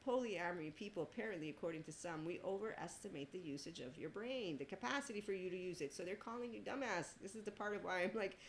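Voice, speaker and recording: Low-voiced sarcastic woman podcaster. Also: expressive, fast, few pauses, a little hiss or hum, low-quality recording. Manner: rambling, sarcastic, laughs often. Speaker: podcast host. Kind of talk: casual monologue.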